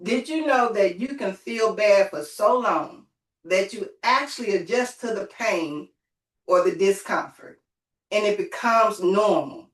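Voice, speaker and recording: Woman telling a lively story, far off. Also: mid-range voice, a little slow. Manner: lively storytelling, calls on listeners. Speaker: group host. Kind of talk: motivational group call talk. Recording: roomy, from off the mic.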